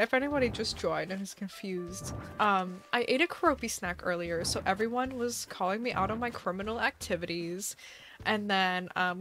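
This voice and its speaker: A young woman chats casually on a live stream, rambling and laughing as she talks. Her voice sits at an ordinary middle pitch, and her delivery is loose and playful with plenty of filler words. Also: fairly bright tone, slight background noise. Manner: giggly, chatty, lots of "like" fillers.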